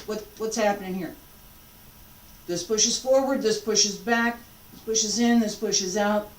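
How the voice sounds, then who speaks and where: A woman instructor leading a martial arts practice, giving calm, repeated cues and asking questions as she demonstrates. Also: a little high. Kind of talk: teaching while demonstrating. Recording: echoey room, voice from a distance.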